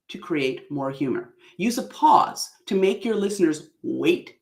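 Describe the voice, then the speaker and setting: Woman speaking coach, lively up-and-down delivery, laughs often, roomy echo. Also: deep voice, a little slow, few pauses. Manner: animated, exaggerated delivery with frequent laughs. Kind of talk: online workshop talk.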